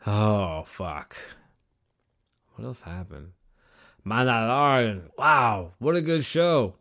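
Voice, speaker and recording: A man hosting his own show alone, talking in a casual, rambling rant full of swearing, his pitch jumping up when worked up. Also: takes it slowly. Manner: profane, rambling, animated swings in pitch. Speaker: podcast host.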